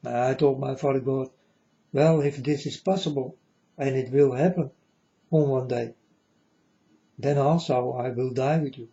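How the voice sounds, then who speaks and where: A man in a rambling monologue to his viewers, earnest and repetitive, with halting non-native phrasing. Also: medium pitch, steady tone, warm tone, muffled recording. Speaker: vlogger addressing viewers.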